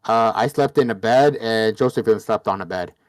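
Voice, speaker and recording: A man's voice: fairly low pitch, moderate pace, no echo. A man who plays in the game, giving a casual, rambling recap of the last session with lots of restarts. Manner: rambling, full of likes and restarts. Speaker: player.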